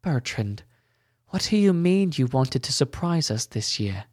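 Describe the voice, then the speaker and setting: Storybook woman, worried and questioning, softly spoken in a dry, close sound, as a man reads her. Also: medium pitch, very animated, a little slow, no echo.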